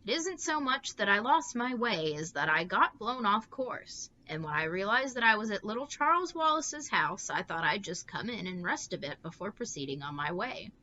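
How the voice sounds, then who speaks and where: A woman voicing an eccentric, creaky-voiced old woman who chatters in a quaint, genteel way. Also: medium pitch, big pitch swings, normal speed, few pauses, sharp tone, muffled recording, pitched above the performer's own voice. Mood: cheery. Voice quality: creaky, like an unoiled gate. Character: eccentric old woman wanderer, odd and cheerful.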